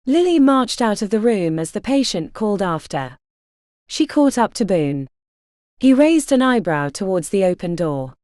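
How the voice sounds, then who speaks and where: A woman reading a fantasy novel aloud with lively, rolling intonation. Her timbre is dark and mellow, and the close, dry studio sound leaves no room echo at all. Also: medium pitch, moderate pace. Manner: expressive storytelling. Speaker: audiobook narrator. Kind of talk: scripted narration.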